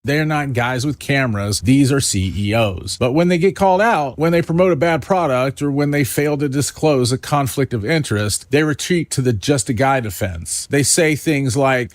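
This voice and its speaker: A man narrating a scripted video essay in a measured, polished delivery. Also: mid-range voice, animated, no room sound, clean studio sound.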